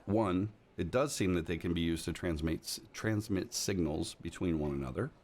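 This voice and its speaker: A man with a very low voice runs a tabletop game as game master. He narrates in a loose, rambling way, joking and restarting his sentences. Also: moderate pace, darkish tone. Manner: rambling, jokey, many fillers and restarts.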